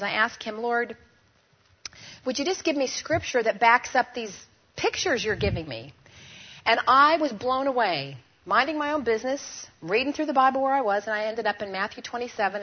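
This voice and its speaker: A woman teaching a women's group in a lively way, often asking the audience questions and having them fill in words. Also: a little high, a little fast, slightly rough. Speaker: Bible teacher at a women's gathering. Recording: dull lo-fi recording.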